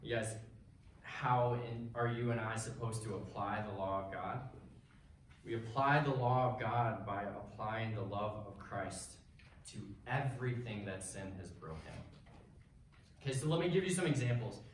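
A man's voice: lowish voice, moderate pace. Young male preacher in an echoey hall. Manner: casual, filler-heavy, checks in with "right?" and "okay?". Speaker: youth preacher. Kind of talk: sermon. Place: church hall. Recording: very echoey hall, mic far off, faint noise.

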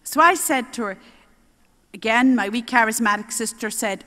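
An older Irish nun preaching at a healing service, telling homely stories in an animated way and acting out the voices of the people in them. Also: female voice, a little high, normal speed. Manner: animated, homely storytelling with lively quoted voices. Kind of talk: storytelling sermon. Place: large exhibition hall. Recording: long hall reverb.

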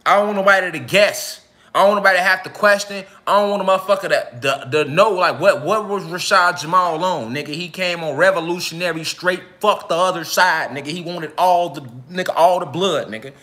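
A man speaks live to his followers in a high, tense, forceful voice. His talk is heated and profane. He keeps circling back with repeated phrases and street slang. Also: a little fast. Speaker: self-styled spiritual speaker. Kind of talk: unscripted live speech to followers.

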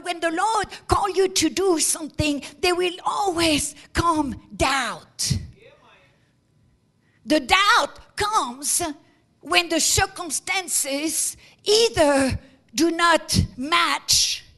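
A woman pastor preaching a sermon emphatically, repeating words as she builds to shouted peaks. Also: high voice.

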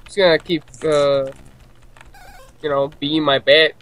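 A man's voice: fairly high pitch, steady tone, unhurried, a bit bright. A man teasing his friends while they chat about a game over voice chat. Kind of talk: casual gaming chat. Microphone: home computer mic, online voice chat.

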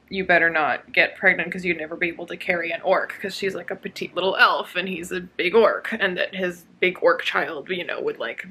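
Bright-voiced woman ranting about a book. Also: lowish voice. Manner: sarcastic, exasperated ranting with frequent fillers. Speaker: book vlogger. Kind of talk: casual reading vlog.

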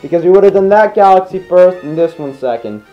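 A young man co-hosting a let's play, giving casual gameplay commentary, excitable and teasing, swearing freely. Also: sits high, brisk, lo-fi sound, faint music behind.

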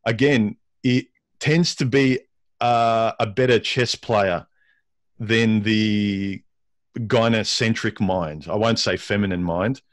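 Low-voiced man, dry sound. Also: no echo. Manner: halting, repeats words while thinking. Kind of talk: casual discussion.

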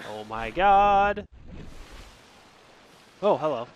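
A jumpy, joking man talks his way through a video game in a bright, high-leaning voice. His pitch leaps around as he mutters under his breath and then yelps in surprise. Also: measured pace, dull audio, a little hiss or hum. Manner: excitable, jokey, swings from muttering to yelps. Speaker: gaming streamer. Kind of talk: let's play commentary.

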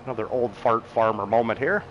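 This middle-aged streamer casually comments on the farming game he's playing, reading chat, chuckling a lot and talking to himself about what comes next. He speaks at a medium pitch and a little fast. The highs are cut off, and there's slight background noise.

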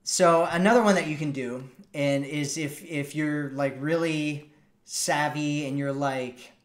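A man's voice: a little high, fairly even intonation, a little slow. Casual man coaching in an echoey room. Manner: casual, conversational, acts out example lines. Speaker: dating coach. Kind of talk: live-stream coaching talk.

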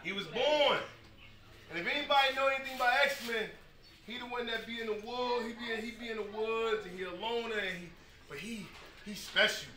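A man's voice: extremely high pitch, fairly quick. A man giving an emphatic, repetitive speech to an audience at a youth football ceremony. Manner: emphatic, storytelling, repeats phrases, builds to shouting. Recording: echoey room, speaker far from mic, noisy.

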